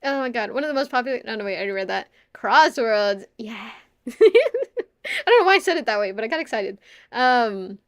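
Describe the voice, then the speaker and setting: Casting note: young female streamer, higher-pitched voice, giggly rambling chat, close dry mic. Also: animated, fast talker, a bit bright, no echo. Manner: giggly, rambling, drops to a mutter while working.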